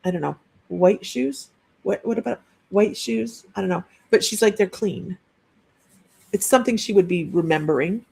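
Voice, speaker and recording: A woman psychic medium giving a live-streamed reading in a husky, gravelly voice. She talks casually, relaying what she senses and often restarting mid-sentence. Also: mid-range voice, normal speed, a little mellow. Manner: chatty, relays messages with frequent restarts.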